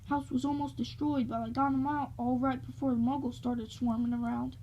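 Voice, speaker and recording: A woman reading aloud, voicing a huge, soft-hearted giant man who speaks humbly and plainly. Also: high-pitched, little pitch movement, brisk, lo-fi sound, a little hiss or hum. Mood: humble. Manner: humble, plain-spoken, stammering when upset.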